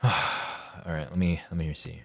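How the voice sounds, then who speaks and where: A man's voice: a bass voice, flat delivery, normal speed, vocal fry, darkish tone, breathy edge. A man live-streaming a story game, chatting casually and thinking aloud with hesitant restarts.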